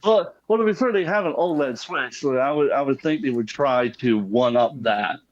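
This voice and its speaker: A man's voice: mid-range voice, normal speed, lo-fi sound. A man calling into a live stream, talking casually and hesitantly with many ums. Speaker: caller. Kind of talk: casual call-in chat.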